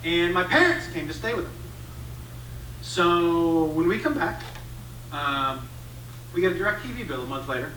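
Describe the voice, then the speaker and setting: A man's voice: a little high, lively intonation, unhurried, long pauses, fairly bright tone. A middle-aged man doing stand-up comedy, telling a profane story and acting out both sides of a dialogue. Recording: roomy, distant stage recording with background noise.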